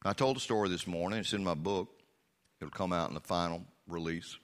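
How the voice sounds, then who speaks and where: A man preaching a sermon as pastor, swinging from loud emphasis to hushed asides. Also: low voice, brisk, in a large hall.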